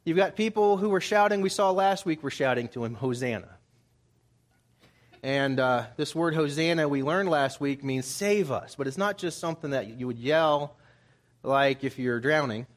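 A man's voice: fairly high pitch, normal speed. A man preaching a Bible study sermon in a conversational way, acting out the people he quotes with rising emphasis. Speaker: pastor.

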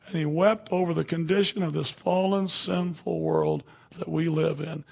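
A man's voice: a little high, steady tone, moderate pace, vocal fry, a little mellow, husky. A man preaching a sermon to a room of people, talking conversationally and checking in with "okay?" and "you know" as he goes.

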